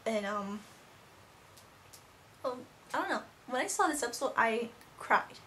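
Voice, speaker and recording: A woman's voice: on the high side, lively intonation, a little slow, sharp tone, slight background noise. A teenage girl casually reviewing a cartoon episode as a rambling, gushing fan. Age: teens. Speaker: video reviewer.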